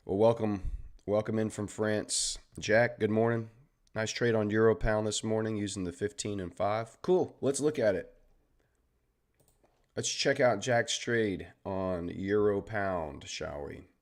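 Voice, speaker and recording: A man with a Southern Texan accent and a lowish, unhurried voice hosts a live trading stream. In an easygoing, chatty way he explains charts and greets viewers.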